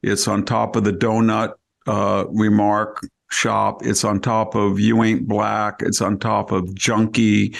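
Male podcast regular, low gravelly voice, argumentative, restarts sentences often. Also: little pitch movement, takes it slowly, few pauses. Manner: argumentative, asks rhetorical questions; frequent restarts and self-corrections. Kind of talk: opinion podcast commentary.

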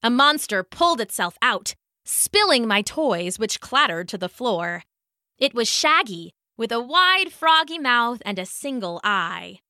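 Bright, expressive woman storyteller. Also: on the high side, a little slow, no room sound, clean studio sound. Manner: gentle, expressive. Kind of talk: children's story narration.

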